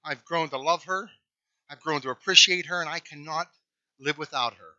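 A man's voice: fairly high pitch, moderate pace, sharp tone, no room sound, highs cut off. A man voicing an earnest young man pleading to marry a farmer's daughter, eager and pleading.

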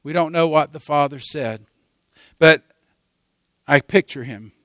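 A man preaching a sermon, telling a story with dramatic swings from hushed to loud. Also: a little high, unhurried, no room sound.

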